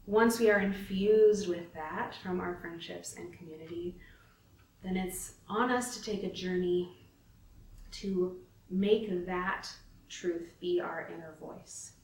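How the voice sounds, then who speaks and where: Slow, gentle woman leading a devotion. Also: on the low side, fairly even intonation, a little hiss or hum. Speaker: devotion leader. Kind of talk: spoken devotion with scripture reading. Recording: roomy, from a distance.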